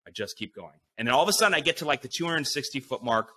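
A man guest on a podcast, telling an animated story full of swearing and fillers, acting out his own inner voice. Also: medium pitch, racing. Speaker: podcast guest, BASE jumper.

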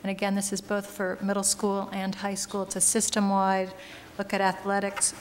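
A woman on a school board lays out a committee's plans in a plain, explanatory way. Her pitch barely moves. Faint room noise sits under her voice. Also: completely flat delivery, normal speed, big-room sound. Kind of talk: public meeting report.

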